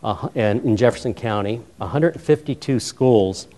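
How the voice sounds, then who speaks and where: A man's voice: mid-range voice, moderate pace. Middle-aged man telling keynote stories. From Colorado, USA. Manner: humorous, animated storyteller who acts out dialogue. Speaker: keynote speaker, former high school principal. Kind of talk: storytelling keynote speech. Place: conference hall. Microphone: roving handheld mic.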